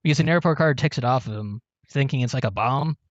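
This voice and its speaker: A man's voice: mid-range voice, fast, no echo. A man hosting a casual talk about comics, recapping plots with many ums and restarts. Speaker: podcast host. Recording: dull, dry lo-fi sound.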